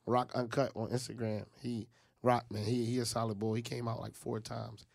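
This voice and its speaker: A man speaks at an everyday middle pitch, with a rough, gravelly edge in his voice. He tells a personal story in relaxed conversation. He slips into the voices of the people in it as he goes. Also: moderate pace. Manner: animated, acts out other people's lines. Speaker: guest telling a personal story. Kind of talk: casual storytelling.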